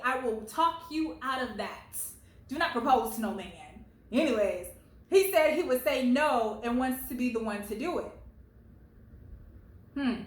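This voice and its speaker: A woman reading online stories aloud at home and giving sassy, animated commentary, calling the poster baby and girl. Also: high-pitched, a little slow, reverberant, rough recording.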